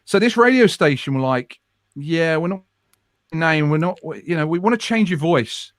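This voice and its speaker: A radio presenter in his forties chatting as a guest, telling self-deprecating stories with quick, lively asides. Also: a little high, no room sound, clean studio sound. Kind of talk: casual storytelling chat. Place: home room.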